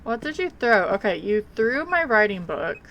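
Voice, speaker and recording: A woman's voice: mid-range voice, big pitch swings, normal speed, a bit bright, highs cut off, a little hiss or hum. A woman streamer chatting casually while playing a game, rambling and blunt, with offhand swearing. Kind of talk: casual live game commentary.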